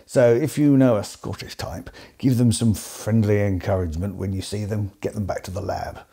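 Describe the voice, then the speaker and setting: English man, host, scripted comedy narration, mellow tone, dry and sardonic. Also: on the low side, fairly even intonation, moderate pace, husky. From England.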